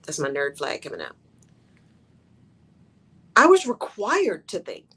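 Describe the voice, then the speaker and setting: A woman's voice: sits low, huge pitch swings, unhurried, bright, forceful tone, husky. A woman hosting a talk radio show, speaking in an emphatic monologue that repeats its key phrases and keeps checking in with "right?".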